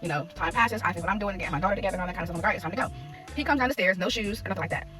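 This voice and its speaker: A young adult woman, a parenting content creator, telling a story from her morning in a casual, animated vlog and acting out the quotes. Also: mid-range voice, recorded from a distance, soft background music. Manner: rapid, animated retelling with acted-out quotes.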